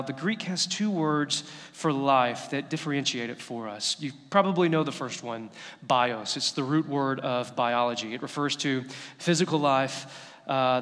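A man's voice: medium pitch, fairly bright tone. A man in his thirties, a pastor preaching a sermon in a conversational style that builds to emphatic passages. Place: church sanctuary. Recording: long church reverb.

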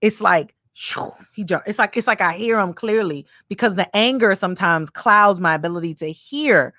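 A woman co-hosting a casual faith discussion, animated and acting out little voices, with many fillers. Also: medium pitch, normal speed, dry recording, studio quality.

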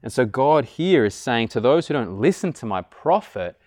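A man's voice: medium pitch, sing-song, moderate pace, few pauses, no room sound. Earnest male preacher, dry sound. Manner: earnest, rises to loud emphatic peaks. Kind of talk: sermon.

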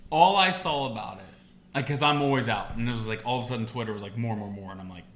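A man in casual chat as a podcast co-host, telling stories with lively acted-out quotes and frequent swearing. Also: medium pitch, fast talker, roomy sound, a little hiss or hum. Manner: animated storyteller, acts out quotes, swears freely.

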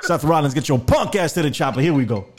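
A man's voice: fairly high pitch, expressive, quick pace, faint music behind. A man co-hosting a podcast, swearing and delivering theatrical, mock-stern verdicts in comedic banter. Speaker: podcast co-host.

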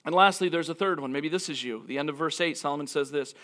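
A man preaching a sermon as a pastor, earnest and reflective, slowing down to stress key phrases. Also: on the high side, fairly bright tone. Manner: earnest, reflective, with frequent restarts and dramatic slowdowns.

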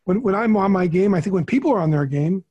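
Man, middle-aged, podcast co-host, raised pitch, breathy husky tone, candid earnest storytelling. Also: lively intonation, quick pace, warm tone, lo-fi sound. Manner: earnest, repeats words when emotional.

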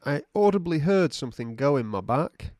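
A man's voice: fairly high pitch, very animated, normal speed, a little mellow, dry recording, studio quality. A young man, a podcast co-host, telling a story in casual chat and acting out his own quoted lines.

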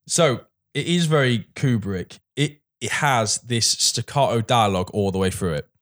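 A man's voice: mid-range voice, normal speed, a bit bright. A man chatting casually as a film reviewer, rambling with many restarts. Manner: rambling, restarts, acts out quoted dialogue.

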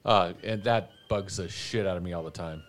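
Man, morning show host, casual chat, bemused, rambling, lowish voice. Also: moderate pace.

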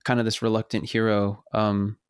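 A man co-hosting a casual movie podcast, relaxed and thoughtful, leaning on filler like "you know" and "right.". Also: lowish voice, normal speed, clean tone, no echo, clean studio sound. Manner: thoughtful, relaxed, hedging with 'you know' and 'right'. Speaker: podcast co-host.

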